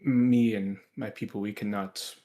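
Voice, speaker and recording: A man voicing an older woman shopkeeper in a tabletop game who speaks haltingly and fearfully and turns to shrill screaming. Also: steady tone, mellow. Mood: hesitant, fearful.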